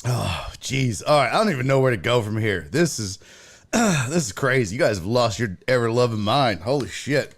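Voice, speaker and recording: A man's voice: medium pitch, animated, moderate pace. A man hosting a casual sports talk live stream, reacting to his chat, laughing often and swearing freely.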